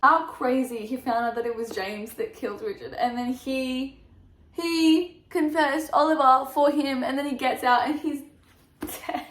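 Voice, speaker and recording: A young woman reviewing her favourite books in a casual vlog, gushing and animated, laughing often. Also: high-pitched, unhurried. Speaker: book vlogger. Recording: echoey room.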